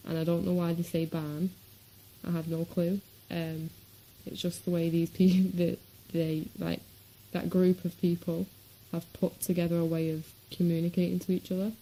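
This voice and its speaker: Woman, Manchester accent, casual vlog, mellow low voice, rambling with ums. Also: little pitch movement, normal speed, slight background noise, rough recording. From Manchester, England. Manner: chatty, rambling, with frequent ums. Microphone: webcam.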